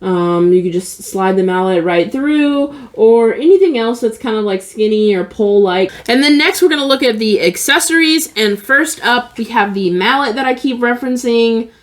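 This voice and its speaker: Woman, casual unboxing vlogger, slightly high voice, relaxed and filler-heavy. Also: moderate pace, few pauses. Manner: chatty, many fillers like "like" and "um"; laid-back and candid.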